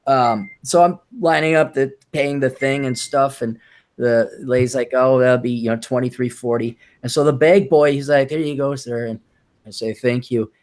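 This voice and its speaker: A man co-hosting a casual podcast chat, telling sardonic, profane stories and jumping into high mocking voices to quote people. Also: moderate pace. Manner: animated storyteller, jumps into high mocking voices when quoting people. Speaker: podcast co-host.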